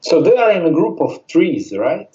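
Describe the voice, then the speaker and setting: A man with a mellow, dark voice playing a tabletop game. He asks questions and thinks aloud, and his audio is slightly dull with a roomy echo. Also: fairly high pitch, sing-song, normal speed. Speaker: player.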